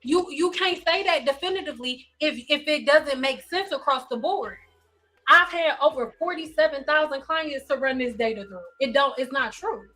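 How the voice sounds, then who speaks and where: A woman's voice: high voice, normal speed, sharp tone, faint music behind. A woman hairstylist hosting a live stream, giving blunt, insistent advice and repeating pointed questions.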